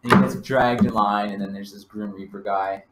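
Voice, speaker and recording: A man's voice: fairly low pitch, fairly even intonation, normal speed. A man co-hosting a podcast, talking in a rambling, laid-back way with lots of fillers. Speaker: podcast co-host. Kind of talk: casual brainstorming chat. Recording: echoey room with faint noise.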